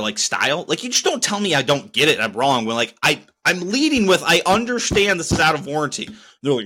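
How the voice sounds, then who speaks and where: A man's voice: on the high side, bright, forceful tone, slightly rough. A young man hosting his own solo podcast, talking casually in a rambling, profane, heated way. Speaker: podcast host.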